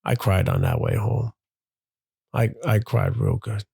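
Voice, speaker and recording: A low-pitched man with a gravelly, mellow voice speaks openly as a father reflecting on his own life. He talks in a halting, confessional way, circling back and repeating himself as he searches for words. The sound is close and dry. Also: wildly swooping pitch, dry recording. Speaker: father and show host. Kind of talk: candid reflective monologue.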